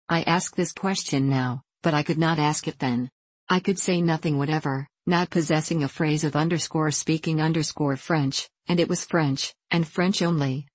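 Low-voiced woman reading a classic novel. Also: a little mellow, dry recording, rough recording. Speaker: audiobook narrator. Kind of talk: scripted narration of a classic novel.

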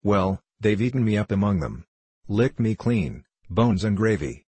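A man's voice: fairly low pitch, lively intonation, unhurried, darkish tone, breathy edge, no echo. A man reading the part of a boisterous, suspicious middle-aged doctor who is ruined, talking in a blustering, confiding way.

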